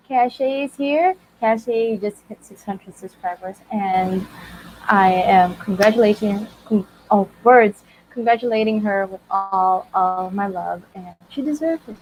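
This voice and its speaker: A woman's voice: mid-range voice, a little slow, darkish tone, slight background noise, poor audio. A woman in her thirties hosting a casual writing livestream, bubbly and greeting viewers by name. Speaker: livestream host.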